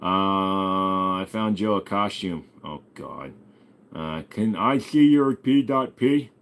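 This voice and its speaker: Smooth, low and a bit bright, this young man's voice moves at a slow pace. On his easygoing livestream he reads viewer comments aloud and answers with swear-heavy, crude jokes.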